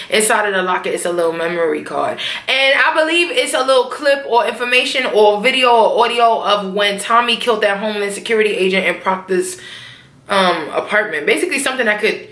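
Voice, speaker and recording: A young woman giving a casual, profane and opinionated TV episode recap, talking in an animated way. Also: medium pitch, brisk. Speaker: TV recap vlogger. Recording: echoey room.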